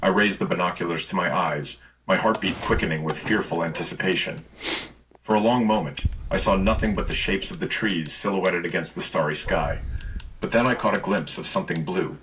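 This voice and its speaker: A man reading a first-person horror story in measured, tense storytelling. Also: low voice, background noise.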